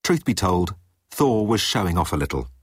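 A man reading a story aloud as narrator, in a lively storytelling way. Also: low-pitched, moderate pace, husky, no room sound, clean studio sound. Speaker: audiobook narrator. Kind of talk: scripted narration.

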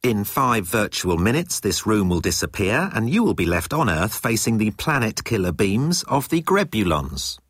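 A measured machine voice from a talking digital bird, speaking slowly and precisely. A man puts it on, keeping it low and slightly husky, with a dry close sound. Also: very animated, a bit bright, no room sound, full character voice. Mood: calm.

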